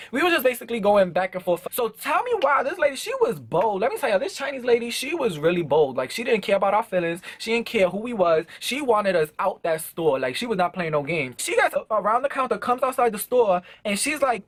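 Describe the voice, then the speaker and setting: A young man rattles through a casual storytime, his pitch jumping all over as he talks fast and slangy. The sound is dry and close, recorded indoors at home. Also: no room sound. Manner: animated, slangy, quick. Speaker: vlogger. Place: indoors at home before a backdrop.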